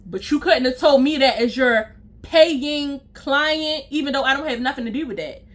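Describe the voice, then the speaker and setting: A woman's voice: high voice, lively intonation, moderate pace. A young woman telling a storytime to her viewers, blunt, profane and exasperated, talking straight to her audience. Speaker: storytime vlogger. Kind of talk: casual storytime rant to viewers.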